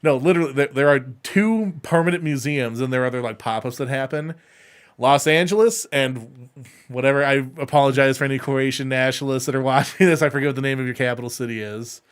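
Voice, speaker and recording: A man's voice: medium pitch, fast talker, clear, resonant tone. A young man co-hosting a podcast, chatting casually and rambling with many fillers and restarts. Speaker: podcast co-host. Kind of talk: casual chat.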